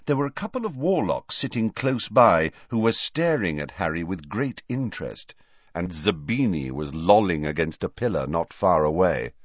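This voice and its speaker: A man narrating an audiobook with expressive storytelling. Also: deep voice, normal speed, no echo, highs cut off.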